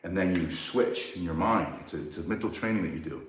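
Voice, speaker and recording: A man's voice: low voice, fairly quick. A man teaching self-defense, bluntly and emphatically walking through each move step by step. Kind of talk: instructional demonstration. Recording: very echoey, mic far from speaker.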